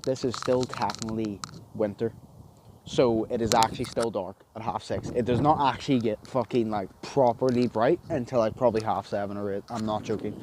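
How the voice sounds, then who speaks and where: A man's voice: on the low side, fairly even intonation, fairly quick, noisy background. A man hosting a vlog, talking casually to camera outdoors in a forest before dawn and swearing freely. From United Kingdom. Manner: swears freely, rambling and matter-of-fact. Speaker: vlogger host.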